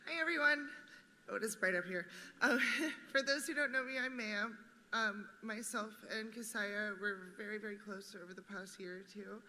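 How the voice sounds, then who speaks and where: A young woman speaking at a memorial on stage, animated, acting out her friend's words and laughing. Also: mid-range voice, normal speed. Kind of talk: personal storytelling. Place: large theater stage. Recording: long reverb in theater, faint background noise.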